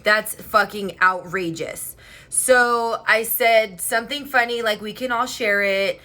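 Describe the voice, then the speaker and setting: Excitable young woman, bright voice. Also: mid-range voice, slow, a little hiss or hum. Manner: excitable, swears a lot, animated storytelling. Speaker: vlogger. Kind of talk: casual chat. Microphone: headphone mic.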